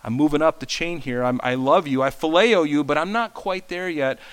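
Humbled male disciple, voiced by a preacher, stammering, smooth low voice. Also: a bit bright, natural voice. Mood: hesitant. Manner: halting, stammering.

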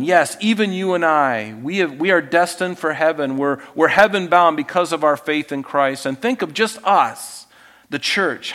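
A man's voice: a little high, a bit bright, big-room sound. A man pastor preaching a sermon, reading scripture aloud and teaching with folksy asides and self-corrections.

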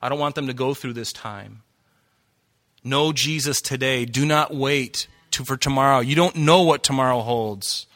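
A man's voice: mid-range voice, normal speed, fairly bright tone. A man preaching a sermon to a congregation, fervent and worked up, breaking into laughs and asides. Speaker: pastor. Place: church hall before a congregation.

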